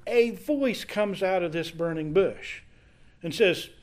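High-voiced man teaching a Bible study. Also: slow pace. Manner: conversational, reads scripture then explains it aloud. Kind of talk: casual Bible study lesson.

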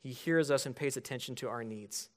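A man's voice: mid-range voice, a little fast. A man in his thirties preaching a sermon as pastor, earnest and building to emphatic points.

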